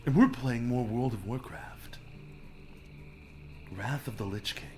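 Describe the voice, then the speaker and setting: A man's voice: mid-range voice, slow, music in the background. A man streaming a game live, chatting casually to his viewers while he plays. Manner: chatty, talking to chat while playing. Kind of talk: casual gameplay commentary.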